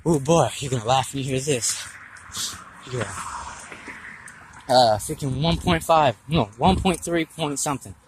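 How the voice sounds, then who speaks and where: A man's voice: medium pitch, a little slow, pauses often, background noise. A nineteen-year-old man talking in a casual vlog, rambling and frustrated, swearing a lot as he goes. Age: young adult. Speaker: vlogger.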